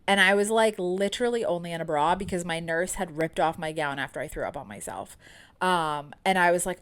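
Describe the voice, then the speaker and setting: A woman's voice: fairly low pitch, a little fast, smooth. A woman in her thirties, a podcast host telling a candid personal story in a chatty way, full of fillers.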